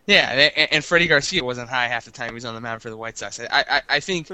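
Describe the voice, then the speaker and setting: A man's voice: medium pitch, quick pace, pushed and bright, smooth, no room sound. A man co-hosting a casual sports talk show, rambling and teasing his co-host, often stammering over restarts. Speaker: podcast co-host.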